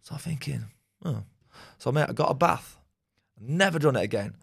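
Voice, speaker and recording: A man's voice: medium pitch, expressive, vocal fry, breathy edge. A man, telling rambling, sweary stories as a podcast guest. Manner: fast, rambling, swears often, laughs. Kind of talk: casual storytelling chat.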